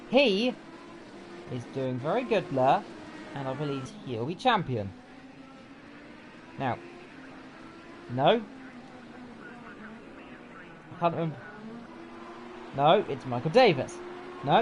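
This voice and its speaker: A man calls an online race in a playful, rambling way, poking fun at himself as he goes. His voice is a little high and swings widely in pitch. Engine noise runs clearly underneath him. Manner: jokey, rambling, self-mocking. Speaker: league race commentator. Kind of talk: playful sim racing commentary. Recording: noisy with car sounds behind.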